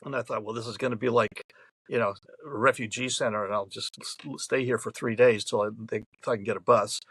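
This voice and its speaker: A man's voice: medium pitch, steady tone, brisk, fairly bright tone, husky, dry recording, rough recording. A man in his seventies from New York State, telling a long rambling story as a podcast guest, with chatty restarts. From New York State, USA. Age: 70s. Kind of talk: storytelling anecdote.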